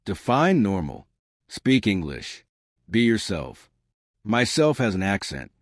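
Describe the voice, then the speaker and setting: A man narrating his own story in a wry, deadpan way. His voice sits a little low yet moves lively up and down. The recording is dry and close. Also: slow pace, no echo. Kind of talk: scripted first-person story narration.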